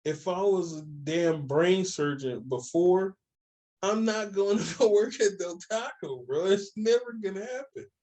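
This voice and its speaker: A young man co-hosting a casual chat, telling stories with animated voices for the people he quotes. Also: high-pitched, measured pace. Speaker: podcast co-host.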